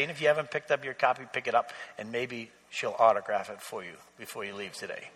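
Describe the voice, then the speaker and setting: A man preaching a sermon as pastor, slow and earnest, letting his phrases trail off softly. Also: mid-range voice, husky. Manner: slow, earnest preaching with soft, drawn-out endings. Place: church sanctuary. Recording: long church reverb.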